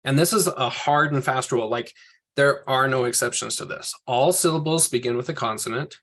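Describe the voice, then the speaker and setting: A man's voice: mid-range voice, fairly bright tone. A man teaching a language class over a video call, explaining rules patiently and step by step. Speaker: Hebrew teacher. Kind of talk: online class lecture.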